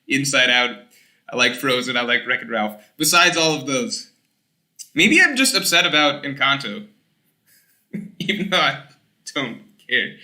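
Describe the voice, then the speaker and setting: A young man streaming, reading chat aloud and rambling in casual, animated talk with some swearing. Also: a little high, reverberant.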